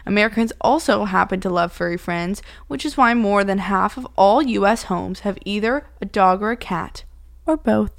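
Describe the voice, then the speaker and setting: A woman's voice: medium pitch, moderate pace, vocal fry, dry recording, studio quality. A young adult woman, reading out fun facts in a playful, teasing chat. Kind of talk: casual family chat.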